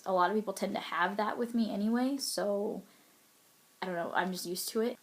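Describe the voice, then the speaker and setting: A woman's voice: medium pitch, moderate pace. A young woman chatting casually to camera, answering profile questions in a candid, rambling way with frequent ums and little laughs.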